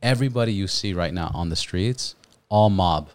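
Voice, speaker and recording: Give me a man with a low voice, swearing freely as he spins a loose story in a relaxed podcast chat. He trips over his words and circles back. The talk stays easygoing and unscripted. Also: moderate pace. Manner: profane, rambling storyteller with many restarts. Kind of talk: casual chat.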